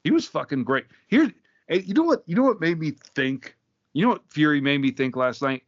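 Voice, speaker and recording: A man's voice: a little high, animated, brisk, dull audio. A man co-hosting a podcast, talking casually with frequent swearing and emphasis. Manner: profane, emphatic. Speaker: podcast co-host. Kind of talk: casual chat.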